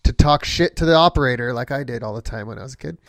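A man's voice: mid-range voice, fast, vocal fry, a bit bright. A man co-hosting a podcast, trading brash, profane banter in casual chat. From United States. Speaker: podcast co-host.

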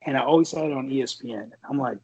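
Husky, profane ex-Marine storyteller. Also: male voice, mid-range voice, very fast, a little mellow, rough recording. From San Francisco Bay Area. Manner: profane, rambling, lots of fillers. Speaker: former Marine reservist telling a story. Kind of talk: casual chat, storytelling.

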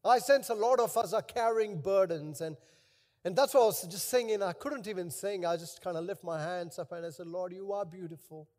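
A man's voice: high voice, brisk, darkish tone. A male pastor preaching and praying in an emotional, prayerful way, repeating his phrases. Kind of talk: sermon with prayer.

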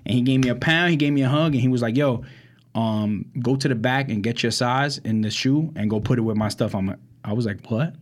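A man's voice: medium pitch, brisk. Young brooklyn guy on a podcast, chatty, acts out what people said, lots of likes and ums. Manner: animated storyteller, acts out quotes, many fillers. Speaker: podcast co-host. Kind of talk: casual storytelling chat.

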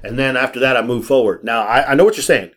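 A man hosting a casual podcast, telling stories in an animated way, acting out the voices of people he quotes and swearing freely. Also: medium pitch, fast talker. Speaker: podcast host. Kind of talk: casual storytelling chat.

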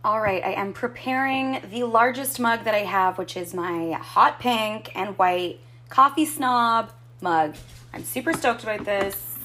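A woman's voice: mid-range voice, fairly bright tone, a little hiss or hum. A woman vlogging a casual coffee review from her home kitchen, chatty and upbeat, cursing freely as she talks. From Canada. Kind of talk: casual chat.

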